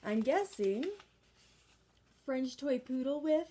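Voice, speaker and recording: A woman's voice: sits high, animated, takes it slowly, warm tone, a little hiss or hum, pitched above the performer's own voice. A woman reading a polite, cautious scientist.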